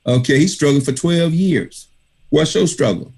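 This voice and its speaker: A man's voice: fairly high pitch, animated, normal speed, gravelly, darkish tone. A man, the author, speaking on a video call, giving an emphatic motivational talk that repeats key phrases like a preacher. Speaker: author thanking readers at an online book reading. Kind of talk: motivational speech.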